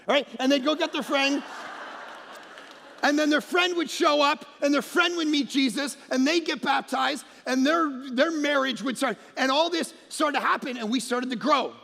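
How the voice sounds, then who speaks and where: Brief: male pastor, high gravelly voice, punchy comic delivery, big reverberant church hall. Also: normal speed. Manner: animated storytelling, shouts punchlines, mocks accents softly. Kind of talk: energetic comedic sermon. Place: large church auditorium.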